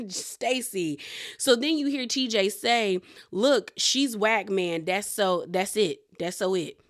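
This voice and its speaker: Young woman, reality TV recap host, animated, acts out the cast's quotes, casual. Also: medium pitch.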